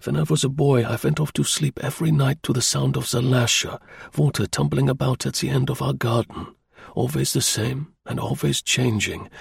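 A man voicing a cool, daring male British spy who talks low and earnestly. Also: vocal fry, husky, no room sound, clean studio sound, full character voice.

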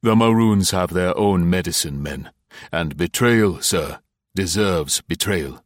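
A man voicing a calm, courteous male island cab driver who speaks quietly and evenly, in a low voice. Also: slow pace, no echo, clean studio sound.

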